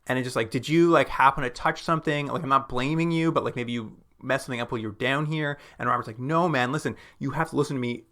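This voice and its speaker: A podcast co-host leads a casual film discussion in an ordinary middle-pitched, fairly bright voice. He retells scenes loosely and chattily, breaking into quick acted-out quotes of the characters and sprinkling in plenty of "like" fillers.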